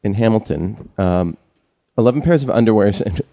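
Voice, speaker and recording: Guy hosting a chatty show, lowish warm voice, dry sound, lots of ums. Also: lively intonation, normal speed, no room sound. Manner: rambling, many ums and restarts. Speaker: podcast host. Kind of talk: casual chat.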